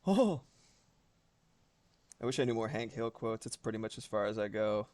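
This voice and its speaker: With a lowish voice, a man draws on a live stream while chatting casually. He's animated, curses freely and fires off quick asides.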